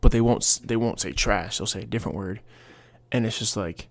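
A man's voice: lowish voice, brisk. A young man hosting a casual solo podcast, rambling through stories with quoted voices and asides. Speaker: podcast host.

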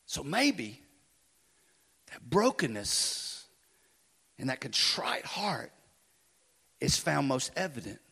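A male pastor preaching a sermon in a church, swinging from loud urgency to hushed intensity, with folksy joking asides. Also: medium pitch, very animated, takes it slowly, vocal fry, pauses often, slightly rough. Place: church sanctuary. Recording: long hall reverb.

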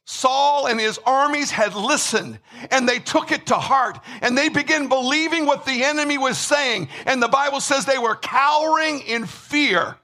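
A man preaching a sermon with emphasis, repeating words and rising to shouts. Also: very high-pitched. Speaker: pastor.

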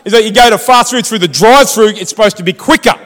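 Male pastor, very high voice, fervent call-and-response preaching with long reverb behind it. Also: fast talker, a bit bright. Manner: fired-up, exhortative, calls to the congregation. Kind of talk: sermon. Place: church.

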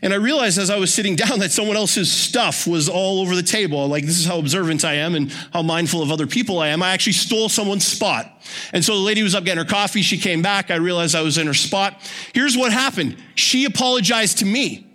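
A pastor preaches in a bright, forceful voice that sits high for a man. He keeps it conversational, with joking asides. A sermon delivered like a friendly talk. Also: fast. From Canada.

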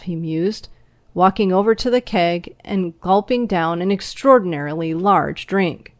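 A woman's voice: on the low side, measured pace, dry recording. Woman narrating a storybook, dry and close. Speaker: audiobook narrator. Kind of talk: scripted narration.

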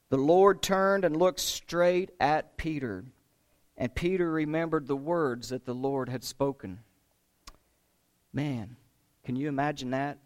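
A man preaching a sermon, retelling a story with emphatic rises and hushed drops. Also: on the high side. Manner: emphatic, dramatic retelling with rising and falling intensity.

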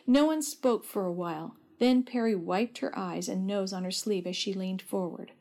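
A woman's voice: mid-range voice, moderate pace, darkish tone. Woman reading a storybook aloud. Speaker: narrator.

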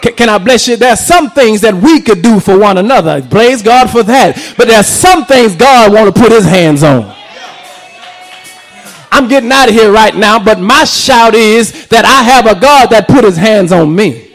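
A man preaching an impassioned sermon, shouting and tuning his lines with call-and-response. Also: sits high, expressive, moderate pace, soft background music, low-quality recording.

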